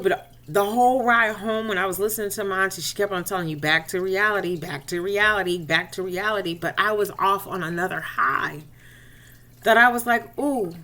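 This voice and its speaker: A woman's voice: medium pitch, bright, forceful tone. Woman telling a faith testimony. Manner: conversational, addresses listeners directly; retells dialogue expressively. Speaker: inspirational speaker.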